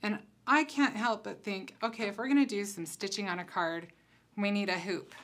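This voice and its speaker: A woman's voice: mid-range voice, moderate pace. A woman giving a casual craft tutorial, chatting and thinking aloud as she works at her table. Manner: chatty, relaxed, thinks aloud while working. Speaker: concept designer demonstrating crafts.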